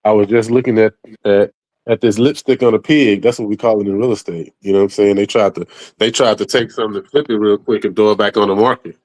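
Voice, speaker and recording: A man's voice: on the low side, fairly even intonation, quick pace, a little mellow, low-quality recording. A man joining a casual sports podcast as a guest, joking and loose, often saying "you know what I'm saying".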